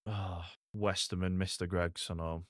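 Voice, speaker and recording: A man's voice: low voice, flat delivery, a little slow, fairly bright tone, no echo, studio quality. A young man, chatting casually to viewers while playing a game, laid-back and full of "like" and "mate". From Salford, England. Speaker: streamer. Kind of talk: casual gaming stream chat.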